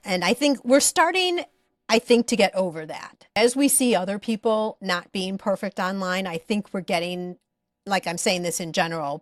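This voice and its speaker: A woman's voice: on the low side, no room sound. Woman podcast host, encouraging and chatty, dry close sound. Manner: encouraging, conversational. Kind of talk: interview questions and chat.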